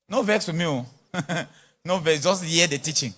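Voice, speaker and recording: A man with a high voice preaches a sermon at a conference in a large church or hall, speaking at a measured pace with frequent pauses. He's animated and speaks with an influence, mixing in pidgin English and acting out little dialogues.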